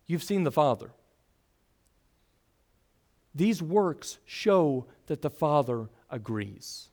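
A man's voice: high voice, lively intonation, a little slow, a little mellow. A man preaching a sermon, teaching earnestly with rising and falling emphasis.

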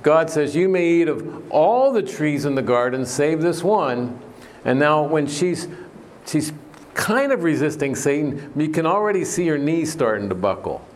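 A man's voice: on the high side, sing-song, a little slow. A man preaching a sermon, earnest and emphatic, often putting questions to his listeners. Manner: earnest, questioning the audience, emphatic on key words.

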